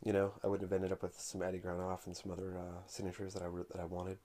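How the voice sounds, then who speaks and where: Flat-voiced man telling a casual anecdote. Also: low voice. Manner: unhurried, conversational storytelling. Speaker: comic collector vlogger.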